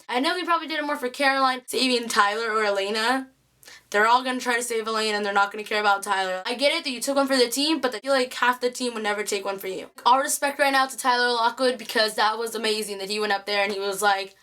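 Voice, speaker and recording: A young woman chatting excitedly through a TV episode recap, acting out the characters' lines. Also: on the high side. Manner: chatty, excitable, acts out quotes. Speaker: TV recap vlogger.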